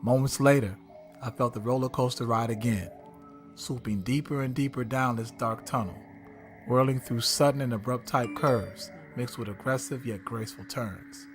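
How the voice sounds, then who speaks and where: Animated slangy man telling a story. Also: mid-range voice, normal speed, faint music behind. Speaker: podcast host. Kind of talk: storytelling with live chat.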